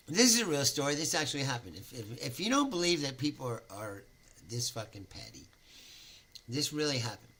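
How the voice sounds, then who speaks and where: A man hosting his own show, talking in a crisp, bright, gravelly voice. He rambles, swears freely and chuckles at his own jokes as he tells a story, with a faint hum of noise behind him. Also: mid-range voice, sing-song, normal speed. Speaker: podcast host. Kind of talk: casual monologue, storytelling.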